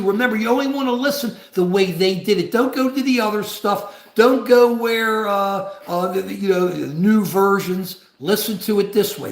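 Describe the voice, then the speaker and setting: A man's voice: sits high, vocal fry, roomy sound. A man in his seventies hosting a casual livestream, rambling and arguing directly with viewers in chat. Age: 70s. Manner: argumentative, rambling, talks straight to chat. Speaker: livestream host.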